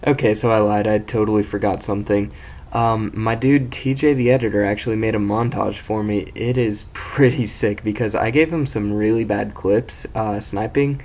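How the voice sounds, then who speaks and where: A man's voice: fairly low pitch, a little mellow. A young man casually telling an embarrassing story as host of his own video series, rambling, self-mocking and swearing freely.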